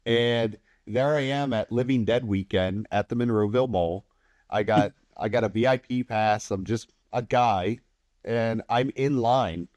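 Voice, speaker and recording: A man guesting on a podcast who tells stories in a relaxed, animated way, acts out what other people said, and swears casually. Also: fairly low pitch, measured pace, dry recording. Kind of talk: casual anecdotal storytelling.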